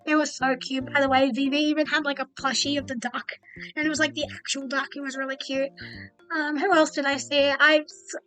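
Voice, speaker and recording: A woman's voice: high-pitched, level tone, brisk, a bit bright, faint music behind, rough recording. A young woman streaming as a VTuber, telling a rambling story and acting out her own thoughts as quoted asides.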